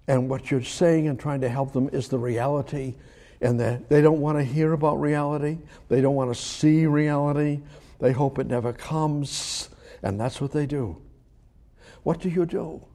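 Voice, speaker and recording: Male preacher, mellow voice, conversational sermon with rhetorical questions, swings from emphatic to hushed. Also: mid-range voice, unhurried.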